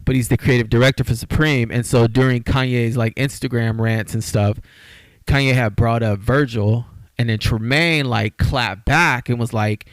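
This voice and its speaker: A man hosting a casual podcast, talking in a lively, rambling way. His voice is smooth and resonant, recorded close and dry with no room sound. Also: medium pitch, normal speed, no room sound. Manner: animated, gets riled up, rambling with fillers. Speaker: podcast host.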